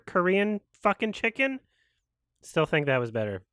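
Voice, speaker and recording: A man's voice: sits high, big pitch swings, slow, long pauses, smooth, no room sound, clean studio sound. A man chatting casually while streaming a watch-along, rambling and swearing, and saying he is sick. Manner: rambling, swearing, laughs loudly.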